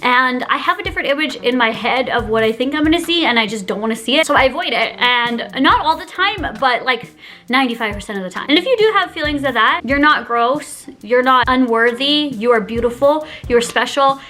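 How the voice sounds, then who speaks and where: In this confessional storytime vlog, a young female YouTuber talks fast and animatedly, giggling, chatting freely, and saying "like" constantly as she tells candid stories. She has a high voice that sounds pushed and bright.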